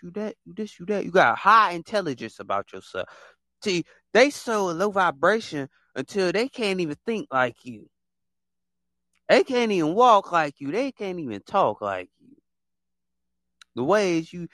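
Speaking solo in a laid-back podcast monologue, a man with a somewhat high, sharp voice swings his pitch up and down a lot. He circles back over his points and breaks into exaggerated impressions of other people, all captured dry and close with no room echo.

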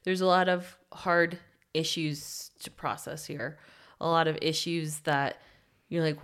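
A woman co-hosting a casual book podcast, chatty and quick to laugh, with a slight lisp. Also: sits low, steady tone, fairly bright tone, smooth. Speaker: podcast co-host.

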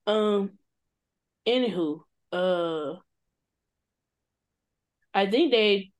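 A woman's voice: mid-range voice, very slow. A woman co-hosting a casual chat, gossiping and retelling scenes with quoted lines and slang. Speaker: podcast co-host. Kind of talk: casual chat recapping a reality show.

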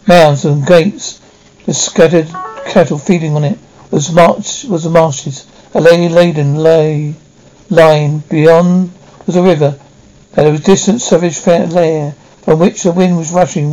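A man reading a classic novel aloud, halting now and then to restart a word. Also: a little high, dark tone, poor audio. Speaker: audiobook reader.

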